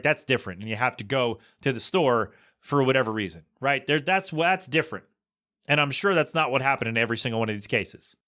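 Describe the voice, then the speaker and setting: A man hosting a podcast, rambling casually through a story and acting out what people said. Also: fairly high pitch. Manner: animated storytelling, acts out quoted voices. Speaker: podcast host.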